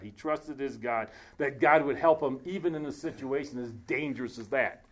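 A man preaching a casual sermon, reading scripture aloud slowly and breaking off into joking asides. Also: mid-range voice.

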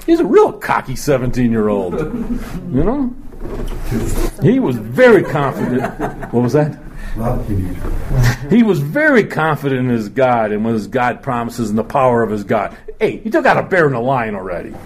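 A man's voice: mid-range voice, very animated, moderate pace, long pauses, a crowd in the background. A man teaching a Bible lesson in a chatty, joking way, often laughing.

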